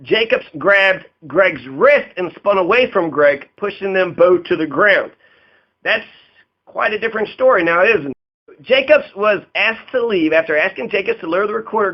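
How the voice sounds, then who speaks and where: High-voiced rambling profane man. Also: expressive, moderate pace. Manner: rambling, profane, laughing, acts out quotes in a raised voice. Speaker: political commentator. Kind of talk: casual political commentary. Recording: dull lo-fi audio.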